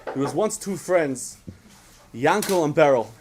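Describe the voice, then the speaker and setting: Brief: male speaker, lively lesson to kids, slightly high voice. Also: a little slow, a little hiss or hum. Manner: asks the audience questions, animated storytelling. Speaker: speaker at a children's program. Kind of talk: storytelling lesson to children.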